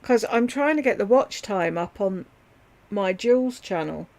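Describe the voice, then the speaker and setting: Rambling, gravelly-voiced woman chatting on a livestream. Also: mid-range voice, lively intonation, measured pace, a little mellow. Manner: rambling, chatty, talks straight to viewers by name. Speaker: livestream host chatting with viewers. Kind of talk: casual livestream chat.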